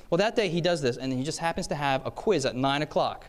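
A man's voice: on the high side, expressive, quick pace, few pauses. A man giving a sermon, telling stories and checking in with his listeners as he goes. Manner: engaging, checks in with listeners with "okay?" and "yes?"; acts out quoted voices mid-story. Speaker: preacher giving a talk on time management. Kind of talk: sermon with storytelling.

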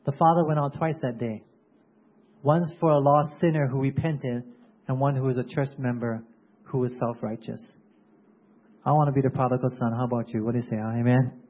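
A man's voice: mid-range voice, fairly even intonation, brisk. A man preaching a sermon who keeps turning to the congregation with questions and calls for agreement. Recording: dull lo-fi sermon recording.

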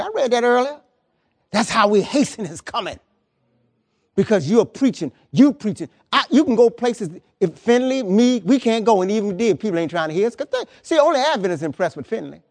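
A man preaching a sermon as pastor, emphatic and colloquial, repeating words and pressing his points to the congregation. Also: high voice. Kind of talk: lively sermon.

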